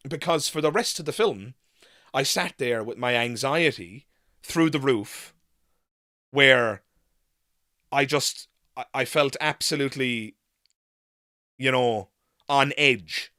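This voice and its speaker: Forceful man telling a frank story. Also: mid-range voice, slow, pauses often, no echo, studio quality. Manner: animated, frank, swears casually. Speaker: host. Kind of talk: live Q&A storytelling.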